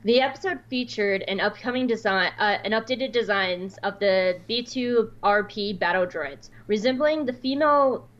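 A woman from the American South hosting a casual podcast chat, talking in an animated way and acting out quoted dialogue. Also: medium pitch, normal speed, few pauses, muffled recording. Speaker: podcast host.

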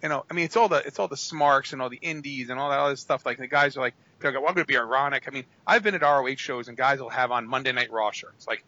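A man's voice: medium pitch, fast, hardly any pauses, pushed and bright, highs cut off. A man co-hosting a casual wrestling podcast, telling rambling, profane stories and acting out the quotes. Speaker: podcast co-host.

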